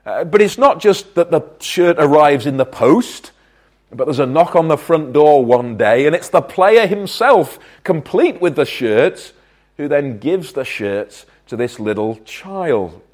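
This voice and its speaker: Man, preacher, from Wales, earnest sermon, emphatic, slightly raised pitch. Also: animated, a little slow. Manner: earnest, emphatic, rising and falling in loudness.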